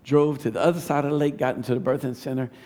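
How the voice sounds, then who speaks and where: A man, giving a testimony sermon that builds to fervent shouting. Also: medium pitch, fairly even intonation, fast talker. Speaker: preacher.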